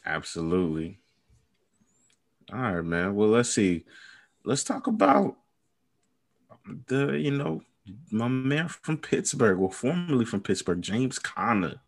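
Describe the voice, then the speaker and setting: A man's voice: fairly low pitch, very animated, slow, pauses often. A man co-hosting a casual podcast chat, easygoing and a bit hesitant, with many fillers. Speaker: podcast co-host. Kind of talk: casual fantasy football chat.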